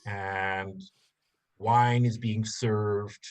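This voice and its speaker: Slow, low-voiced male game master. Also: fairly even intonation, clean tone. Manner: slow, halting narration with many fillers. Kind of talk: narrating a tabletop game.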